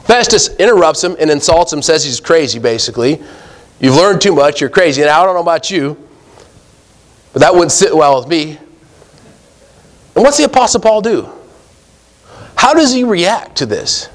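A man's voice: fairly high pitch, big pitch swings, moderate pace, pauses often. Man preaching a casual, emphatic sermon. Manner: conversational preaching with rising emphatic questions; addresses listeners as guys, reads scripture aloud.

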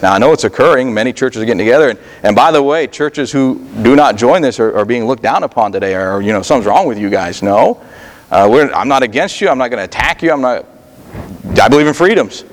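A male pastor preaching a sermon in a conversational style, often pausing on fillers and restarting his sentences. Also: mid-range voice, big-room sound. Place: church sanctuary.

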